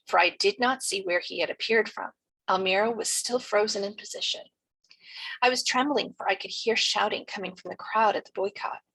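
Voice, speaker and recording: A woman teacher reading a novel chapter aloud in a steady storytelling manner. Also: medium pitch, slightly rough, low-quality recording.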